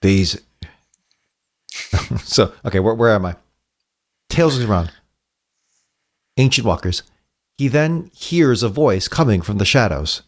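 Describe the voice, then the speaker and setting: A man's voice: fairly low pitch, animated, takes it slowly, long pauses. A man co-hosting a casual podcast, reading a comic aloud and joking around in a laid-back way.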